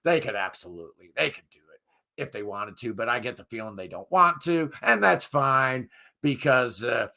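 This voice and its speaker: A middle-aged man, hoarse and losing his voice, hosting a music review channel and chatting casually with viewers in a rambling, enthusiastic way. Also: medium pitch, lively intonation, moderate pace, sharp tone. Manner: rambling, enthusiastic, self-deprecating. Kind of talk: casual live chat with viewers.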